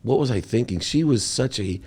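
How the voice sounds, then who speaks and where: A man who is a podcast guest, telling an emotional personal story in an interview with animated, emphatic delivery. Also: mid-range voice, normal speed, breathy edge.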